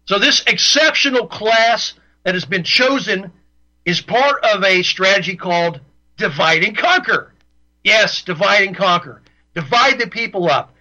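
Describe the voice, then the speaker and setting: A man's voice: high voice, animated, measured pace, pushed and bright, dull audio. Ranting talk radio host, man. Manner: ranting, repeats himself for emphasis. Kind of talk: opinionated radio monologue.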